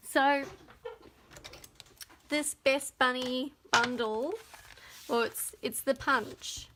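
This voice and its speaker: Slow-talking Australian woman, high voice. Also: background noise. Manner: chatty, talks to viewers while working. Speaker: papercraft demonstrator. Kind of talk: live crafting demo.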